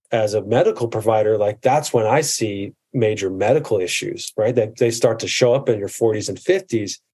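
A man in his thirties with a mellow, warm voice, talking earnestly and reflectively on a podcast. His sentences stop and restart as he thinks them through. His pitch sits in an ordinary middle range. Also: breathy edge. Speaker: podcast guest, medical provider. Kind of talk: casual conversation.

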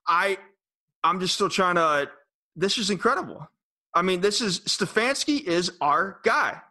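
A man co-hosting a podcast, teasing and excitable in casual chat. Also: high-pitched, a little slow. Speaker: podcast co-host.

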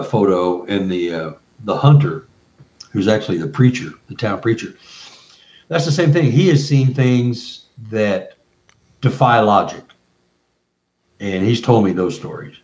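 A man, a guest researcher and author, telling an excited story full of quoted dialogue and restarts. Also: mid-range voice, measured pace. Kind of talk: animated storytelling. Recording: roomy, distant, dull remote audio.

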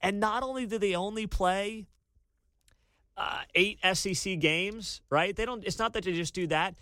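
A man hosting a college sports talk radio show, ranting with incredulous energy and bursts of shouting. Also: high voice, moderate pace, no room sound, studio quality. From Kansas City area. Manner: animated, incredulous rants with sudden shouting.

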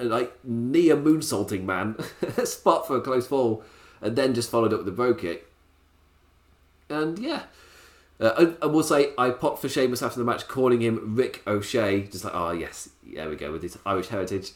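A man in a casual wrestling review, chatty and quick to chuckle, with sarcastic asides sprinkled through his talk. His voice sits at a middle pitch, and the room adds a roomy echo.

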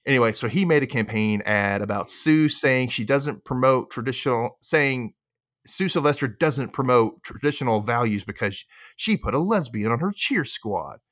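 Lively-voiced man hosting a podcast, tipsy. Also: medium pitch, normal speed. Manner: swears freely and laughs often. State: tipsy from drinking. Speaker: podcast host. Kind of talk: casual recap chat.

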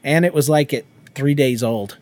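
A man's voice: medium pitch, normal speed, a little mellow. Guy in his 30s on a podcast, chatty, laughs a lot, does little sing-song bits when he quotes people. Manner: laughing storyteller who acts out quotes and sings nonsense beats. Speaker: podcast co-host. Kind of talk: casual chat.

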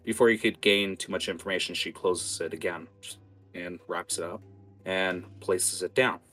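A man's voice: low voice, steady tone, normal speed, a bit bright, soft background music. A man narrating a tabletop game as game master, in a casual, rambling way. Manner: casual, many fillers and restarts.

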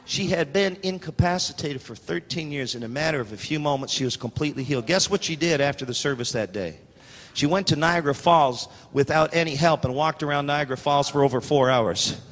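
High, bright-voiced male preacher in a hall. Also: a little fast. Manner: animated storytelling, acting out quoted voices, building to shouts. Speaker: pastor. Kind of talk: sermon.

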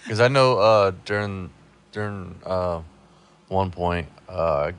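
A young man with a very deep, smooth, resonant voice talks slowly. He hesitates and fills his pauses with "uh.". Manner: slow, hesitant, full of "uh"s. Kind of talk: casual chat.

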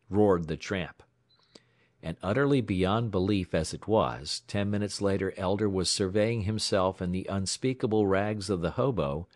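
Low-voiced male audiobook narrator, measured reading, dry booth. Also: dry recording. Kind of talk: scripted story narration.

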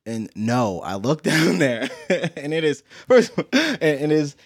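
Animated, laughing male storyteller. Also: on the high side, slow, no room sound, studio quality. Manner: animated storytelling, laughs often, mimics noises. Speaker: podcast co-host. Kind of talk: casual chat.

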